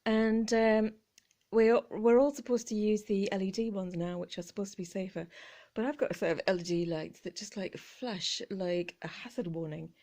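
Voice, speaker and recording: A woman chatting casually as she shows off her thrift finds, often dropping into soft whispers and laughing. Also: medium pitch, steady tone, moderate pace. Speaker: vlogger showing thrift finds. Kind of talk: casual chat.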